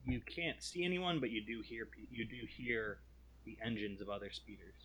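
A man's voice: lowish voice, expressive, normal speed, a bit bright, slight background noise, low-quality recording. A man narrating a tabletop game as game master, hesitant and full of fillers.

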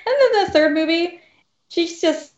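Animated woman podcast co-host, echoey audio. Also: very high voice, moderate pace. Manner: animated, laughs often. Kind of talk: casual podcast chat. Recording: echoey, dull lo-fi room audio.

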